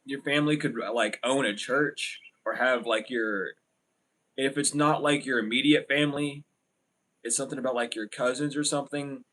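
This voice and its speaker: Male tarot reader for a live stream, mid-pitched, loose and rambling, blunt, filler-heavy delivery. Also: fairly even intonation, moderate pace, fairly bright tone. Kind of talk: casual livestream tarot reading.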